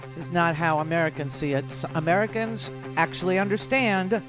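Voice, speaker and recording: A woman's voice: on the low side, a little fast, over music. Sarcastic woman radio talk host. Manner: sarcastic, mocking, quotes opponents in exaggerated voices. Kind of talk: political commentary.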